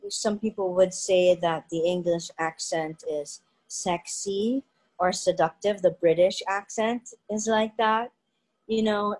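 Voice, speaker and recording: A woman co-hosting a discussion for English teachers, her pitch sitting in an ordinary middle range. She talks casually and conversationally, often repeating a word while she finds her next thought. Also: poor audio. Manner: relaxed, conversational, repeats words while thinking.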